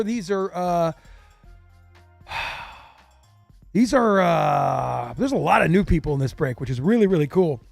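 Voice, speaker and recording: A man hosting a live card-break stream from a small studio, chatty and upbeat, reading buyers' names off a list with lots of fillers. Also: high voice. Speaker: card break show host.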